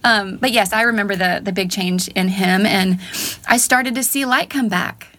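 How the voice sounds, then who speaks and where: A woman's voice: mid-range voice, moderate pace, pushed and bright. Woman in her 30s, heartfelt, chatting as a guest, medium voice. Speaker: podcast guest. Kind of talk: casual conversation.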